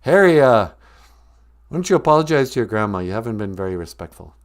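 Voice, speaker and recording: A man's voice: mid-range voice, sing-song, brisk. A man hosting a comic call-in sketch, laid-back and chuckling. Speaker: comedy show host.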